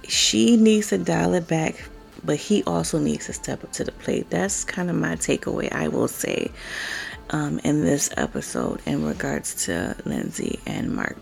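Low gravelly-voiced woman doing a casual chatty show recap, lots of like and bruh. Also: a little mellow. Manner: chatty and opinionated, lots of "like" and "bruh", rising emphatic outbursts. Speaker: reality TV recap host.

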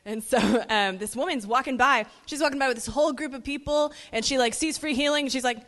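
A woman from a ministry team telling a lively testimony story, animated and laughing as she goes. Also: high voice, fast. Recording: reverberant hall.

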